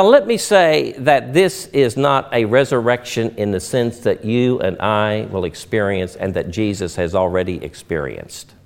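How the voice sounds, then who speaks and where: A man preaching a sermon with a lively, wide-ranging pitch that climbs high and loud at its peaks. He talks in an earnest way, drawing out key phrases slowly before building again. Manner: earnest preaching with dramatic swells and slow emphatic pauses. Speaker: pastor.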